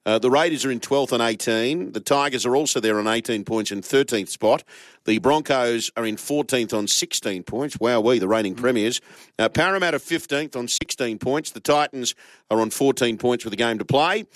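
A man's voice: medium pitch, normal speed, dry recording. An Australian man hosting a sports radio show, bantering with co-hosts and reading out the league ladder in a teasing way. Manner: teasing, reads out ladder standings.

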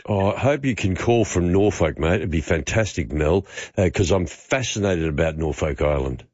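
Lively-voiced Australian radio host. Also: male voice, sits low, moderate pace, no echo, muffled recording. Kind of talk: talk radio.

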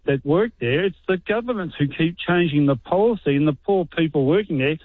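A middle-aged Australian man, an army veteran calling a talk radio show, weary and aggrieved, speaking haltingly. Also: a little high, lively intonation, no room sound. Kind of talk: talkback phone call. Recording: tinny phone line.

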